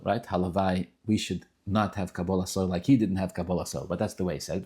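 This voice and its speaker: Animated man teaching a Torah class. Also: sits low, fast, few pauses. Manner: animated, rising emphatic bursts, many restarts; sprinkles Yiddish and Hebrew terms. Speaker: rabbi teaching Tanya.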